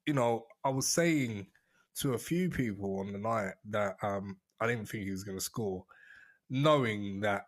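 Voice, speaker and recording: A man hosts a casual fan podcast with a lowish, easygoing voice. He talks in a relaxed, friendly way and chuckles now and then. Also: a little slow. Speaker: podcast host.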